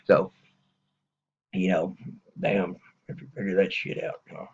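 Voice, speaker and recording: A deep, gravelly middle-aged man, rambling through a crude comic story. His voice is husky and rough. The recording sounds dull and lo-fi. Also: little pitch movement, unhurried, a little mellow. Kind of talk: profane comic storytelling monologue.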